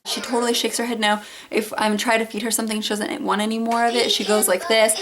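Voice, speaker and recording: A woman's voice: fairly high pitch, little pitch movement, fast. A young woman chatting casually through a baby update, talking to her viewers at home with lots of fillers. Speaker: mom vlogger.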